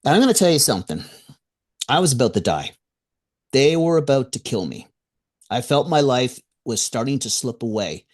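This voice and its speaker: Telling his story as a radio interview guest, a male author is very animated, his mid-pitched voice swinging widely up and down as he imitates the people he quotes. He chuckles now and then, speaks at normal speed with long pauses, and sounds a little mellow.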